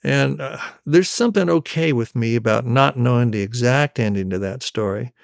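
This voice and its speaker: A man, a storyteller, telling a family story in an unhurried, wry way. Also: mid-range voice, vocal fry, no room sound, clean studio sound.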